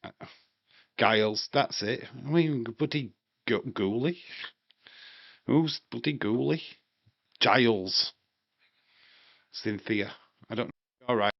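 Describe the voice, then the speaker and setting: A man's voice: medium pitch, takes it slowly, gravelly, long pauses, dry recording. A man chatting casually and rambling on a live wrestling watch-along stream, swearing now and then. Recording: dry, slightly dull home mic.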